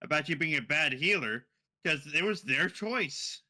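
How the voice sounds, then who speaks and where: A man's voice: fairly high pitch, lively intonation, moderate pace, pushed and bright. A young man co-hosting a casual gaming podcast, laughing and swearing freely as he talks. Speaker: podcast co-host.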